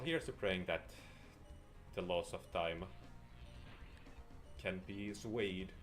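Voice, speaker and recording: Deep-voiced sarcastic male streamer. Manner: dry, sarcastic, rambling asides. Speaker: game streamer. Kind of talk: live gameplay commentary.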